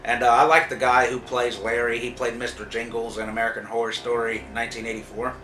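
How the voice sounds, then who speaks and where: A man's voice: medium pitch, little pitch movement, quick pace, noisy background. A man reviewing a TV episode in a casual spoiler recap, telling the story loosely with frequent swearing and fillers. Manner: loose, profane storytelling with lots of "like" and "uh". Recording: roomy echo, distant mic, faint music.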